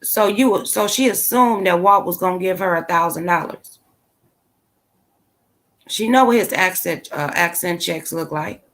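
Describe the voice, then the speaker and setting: With a slightly low, somewhat bright voice and an unhurried delivery, a woman hosts her own channel. Her casual commentary to the live chat is opinionated, blunt and sassy, loaded with slang.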